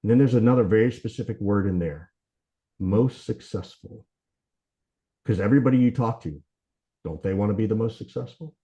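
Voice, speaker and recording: A middle-aged man from Georgia, USA, speaks in a low, mellow voice. He runs a sales training talk quickly and conversationally, often tagging lines with "right?" and "you know" as he acts out bits of dialogue. The recording sounds a little dull. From Southern US, Georgia.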